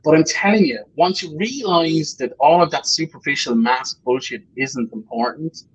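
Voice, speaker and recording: A man's voice: fairly high pitch, moderate pace, poor audio. A man speaking as a podcast guest in casual, emotional chat, candid and jokey and swearing freely over a remote call mic.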